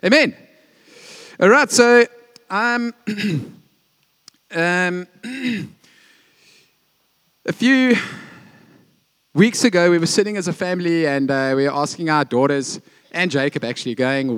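Middle-aged male pastor, slightly high voice, loose chatty sermon full of ums and jokes. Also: moderate pace, a bit bright. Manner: conversational, joking, with many fillers and restarts.

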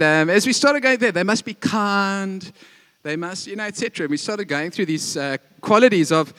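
Middle-aged male pastor, slightly high voice, loose chatty sermon full of ums and jokes. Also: fairly bright tone. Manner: conversational, joking, with many fillers and restarts.

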